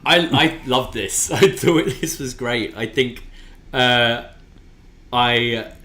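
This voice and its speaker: A man's voice: mid-range voice, slow pace, sharp tone. Eager man chatting about wrestling. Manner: enthusiastic, often restarts sentences. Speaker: podcast co-host. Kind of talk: casual chat reviewing wrestling.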